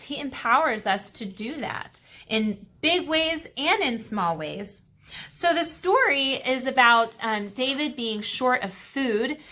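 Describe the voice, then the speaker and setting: A woman's voice: a little high, bright, forceful tone. A woman teaching a Sabbath school lesson to kids, retelling a Bible story in a chatty way with fillers and asides.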